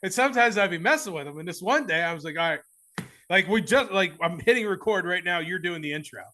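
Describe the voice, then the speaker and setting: Man, Southern US twang, bright and a bit high, excitable rambling podcast host. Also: fast. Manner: excitable, laughs a lot, rambling. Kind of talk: casual chat.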